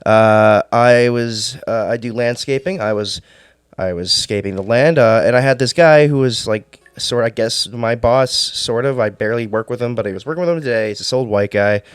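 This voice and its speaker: A man's voice: medium pitch, normal speed, clear, resonant tone, no echo. A man vlogger telling a work story in a rambling, exasperated rant full of swearing and restarts. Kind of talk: casual ranting storytime.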